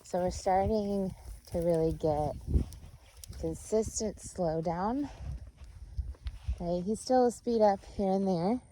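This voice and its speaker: Chill young woman dog trainer outside on a walk, slow easy talk, explains stuff patiently. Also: mid-range voice, background noise. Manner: patient, explanatory, tags points with "right?". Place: outdoors on a neighborhood walk.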